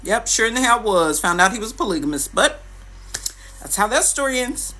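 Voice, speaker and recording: Animated sassy young woman storyteller. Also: fairly high pitch, brisk. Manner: animated, sassy, dramatic quoting. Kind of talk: storytelling to camera.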